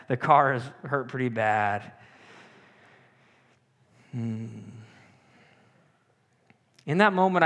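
A young man preaching a sermon, telling a personal story in an animated way with self-deprecating humor. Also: fairly high pitch, in a large hall.

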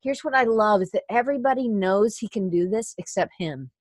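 A woman's voice: mid-range voice, a little fast, darkish tone, no room sound, studio quality. A woman hosting a podcast, tearful and talking in a rambling, heartfelt motivational monologue. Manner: rambling with restarts and filler words. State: teary, crying. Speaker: podcast host.

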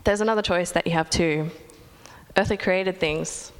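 A young woman delivers a sermon in an earnest, measured tone, pausing to let her points settle. Her voice sits fairly low for a woman and carries a long reverb, as if spoken in a large hall. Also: clear, resonant tone. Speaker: preacher.

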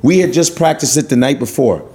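A man's voice: mid-range voice, expressive, brisk, a little mellow. A man, a stand-up comedian, telling a story as an interview guest with lots of swearing, acting out the other people's voices. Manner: profane, acts out voices in his anecdotes.

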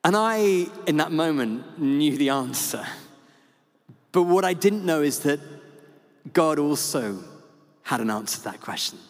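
A man, a parish priest, telling a story in an animated, chatty sermon full of fillers. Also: on the high side, a little slow, pauses often. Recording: echoey hall with long reverb.

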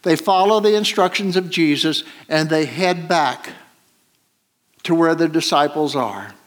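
A man preaching a Sunday sermon in a slightly high voice. He retells the story at an unhurried, halting pace, with frequent pauses and fillers.

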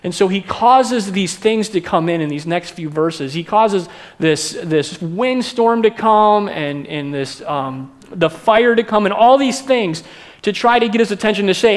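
A man's voice: sits high, a little slow. A male pastor preaching a sermon in a conversational way, asking the congregation questions.

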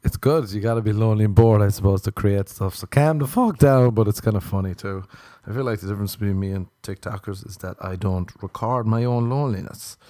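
Young guy podcasting solo, rambly and self-deprecating, low mellow voice, dead dry mic. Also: a little fast, no echo. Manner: self-mocking, meandering, swears casually. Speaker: podcast host. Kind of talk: rambling comedic monologue.

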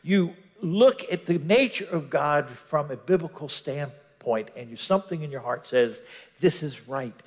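A male preacher delivering a sermon in a lively voice that rises and falls. He acts out scenes and swings between loud lines and near-whispers, with a long reverb trailing off the walls of a big church hall. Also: fairly high pitch, a little slow.

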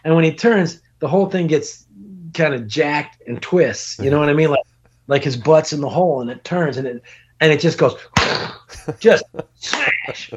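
A middle-aged man, a podcast guest, telling a long road story in casual, animated talk, swearing and laughing as he goes. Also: on the high side, moderate pace, slight background noise. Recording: dull lo-fi podcast audio.

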